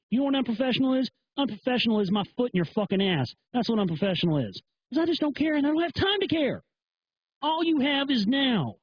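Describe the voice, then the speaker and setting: Male live-stream host, high husky voice, cussing and emphatic, dull lo-fi audio. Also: big pitch swings, quick pace. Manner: profane, emphatic, heated. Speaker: host of a live internet talk show. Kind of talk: ranting monologue.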